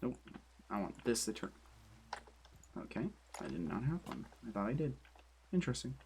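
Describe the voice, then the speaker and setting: A man's voice: on the low side, very animated, moderate pace, a little mellow, a little hiss or hum. Rambling, chatty male streamer. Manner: rambling, chatty, self-deprecating. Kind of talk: casual commentary while building in a game. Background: keyboard typing and clicks.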